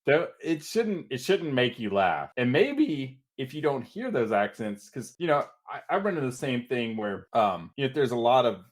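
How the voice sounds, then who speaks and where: A man from Texas talks in a rambling, self-deprecating way on a casual podcast. His pitch swings widely as he talks, and he sits at a middling pitch for a man. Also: sing-song, normal speed, hardly any pauses. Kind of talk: casual chat.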